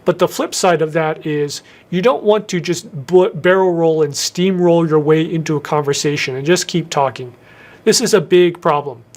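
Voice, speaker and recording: A man hosting a career advice video in a casual to-camera talk, who speeds up and then slows down with deliberate pauses and stressed words. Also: on the high side. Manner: shifts tempo, talks fast then slows with pauses and emphasis. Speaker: YouTube host giving career advice.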